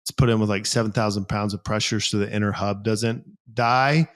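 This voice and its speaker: A man's voice: lowish voice, brisk. A man co-hosting a casual podcast, telling rambling stories and explaining gym equipment with lots of fillers. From United States. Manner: rambling, animated storytelling with acted quotes. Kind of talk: casual chat.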